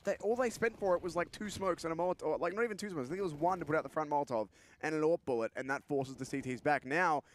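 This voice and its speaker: A male caster calls the action at a quick clip. His play-by-play is steady and brisk, with faint noise under his voice. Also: a little high. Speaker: esports caster. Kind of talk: live play-by-play commentary.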